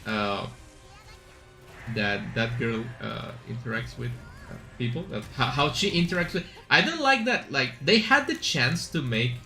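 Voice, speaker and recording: A male streamer with a bright, forceful voice rambles casually through his thoughts while playing, full of fillers and asides. Faint game music runs quietly behind him. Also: medium pitch, expressive, unhurried, vocal fry. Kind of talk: casual chat while gaming.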